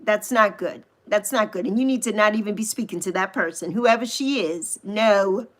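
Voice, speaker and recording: A woman in her sixties hosting a casual livestream, chatting with viewers and gushing over them with drawn-out coos. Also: medium pitch. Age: 60s. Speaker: livestream host. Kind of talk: casual livestream chat reading viewer comments.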